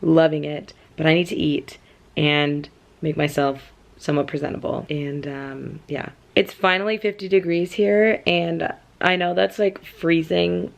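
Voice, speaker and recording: A woman's voice: sits low, steady tone, unhurried, gravelly. Chatty, rambling young woman vlogger. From Southern California. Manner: chatty and rambling, many fillers and light laughs. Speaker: book vlogger. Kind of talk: casual vlog chat. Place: at home indoors.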